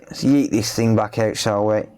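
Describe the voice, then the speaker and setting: A man's voice: on the low side, steady tone, normal speed, a little mellow, clean tone. Chatty British man on a livestream. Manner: chatty, coaxing, talks to pets with playful asides. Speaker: repair streamer. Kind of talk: casual livestream chat.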